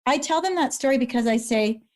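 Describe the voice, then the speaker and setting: A woman's voice: high-pitched, a little fast. A middle-aged woman, a podcast guest earnestly telling a personal story and repeating words when moved. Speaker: guest, brain injury survivor.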